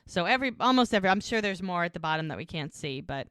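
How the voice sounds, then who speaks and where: Smooth low-voiced woman recapping scenes. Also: animated, very fast, fairly bright tone, dry recording, clean studio sound. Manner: retells scenes, quoting the characters' lines in little voices. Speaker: podcast co-host recapping episodes. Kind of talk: casual recap chat.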